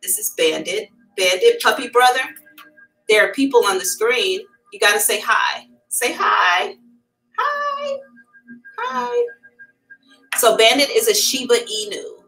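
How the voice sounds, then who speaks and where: A woman's voice: mid-range voice, moderate pace, sharp tone, faint music behind, poor audio. A middle-aged woman hosting a psychic livestream, chatting candidly and calling her viewers y'all. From America. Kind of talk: casual livestream chat.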